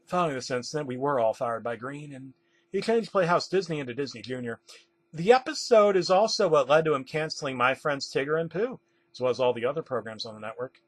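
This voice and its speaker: A man narrating a comedic creepypasta in a deadpan storytelling manner. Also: mid-range voice, a little fast.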